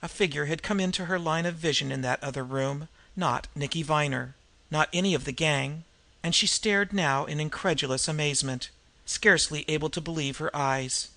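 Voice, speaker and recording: A man narrating a novel in a steady, measured audiobook reading. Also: a little high, gravelly. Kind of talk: scripted narration.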